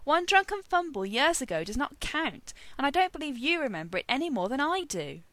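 A wry young man, dry-witted and exasperated by his friend's schemes, read out by a woman. His grumbles come with lively rises and falls in pitch. It is recorded close and dry. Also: brisk, dry recording.

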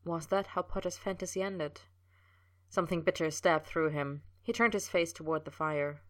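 A woman with a fairly low voice reads a story aloud. Her narration is steady and unhurried. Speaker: reader. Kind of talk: reading fan fiction aloud.

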